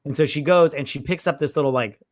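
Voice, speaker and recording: A man's voice: fairly high pitch, quick pace, dry recording, studio quality. A man co-hosting a casual live movie-review stream, rambling and swearing as he retells scenes and acts out the characters' lines.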